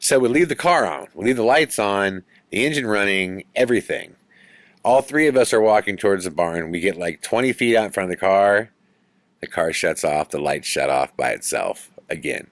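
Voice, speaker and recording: A man hosting a podcast, telling a ghost story in an animated way that builds suspense. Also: lowish voice, normal speed, no room sound, studio quality. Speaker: podcast host.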